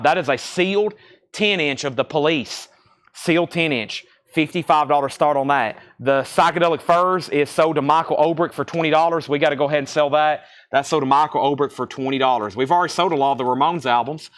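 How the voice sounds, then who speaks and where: A man's voice: a little high, brisk, fairly bright tone. A man with a Southern US accent hosting a live record sale, rattling off titles, conditions and prices. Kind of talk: live-stream auctioneering. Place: record shop.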